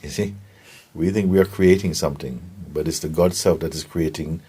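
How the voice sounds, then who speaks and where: A man giving a gentle spiritual talk and telling stories, often checking in with his listeners. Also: rumbling low, slightly rough. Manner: gentle, unhurried, keeps asking "you see?". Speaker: spiritual teacher.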